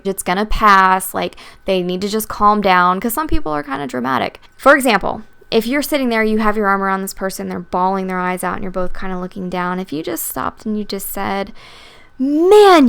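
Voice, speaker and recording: Young woman, podcast host, blunt and candid with a smooth yet gravelly voice. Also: mid-range voice, a bit bright. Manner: candid, swears freely, storytelling. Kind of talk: casual advice talk.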